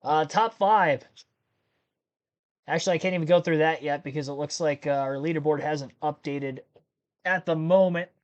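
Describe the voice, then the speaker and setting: A man's voice: a little high, moderate pace, pauses often, lo-fi sound. A man from Ohio hosting a live race-watching stream, chatting casually, rambling and correcting himself as he goes. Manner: rambling, laughs while talking, self-correcting. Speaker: livestream host. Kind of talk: casual live commentary chat.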